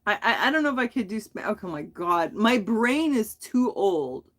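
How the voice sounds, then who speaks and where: A middle-aged woman hosting a casual livestream, chatting with viewers in a giggly, self-deprecating way. Her voice rises and falls in a lively, animated way as she rambles and laughs at herself. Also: mid-range voice, moderate pace. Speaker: livestream host.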